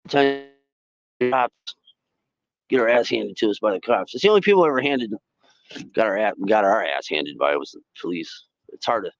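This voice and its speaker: Rambling, animated man telling rough stories. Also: no room sound, highs cut off. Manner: rambling, animated, acts out quoted people in high voices; salty, swears freely. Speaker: fishing livestream host. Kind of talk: casual storytelling on a livestream.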